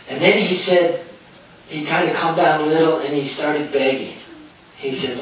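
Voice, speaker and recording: A man's voice: fairly high pitch, fairly even intonation, normal speed, a bit bright, slight background noise. A man giving an anecdotal talk to an audience as an author, telling stories in a chatty way with frequent chuckles and fillers. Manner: chatty storyteller, chuckles often, many fillers. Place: meeting room with an audience. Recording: echoey room from far off.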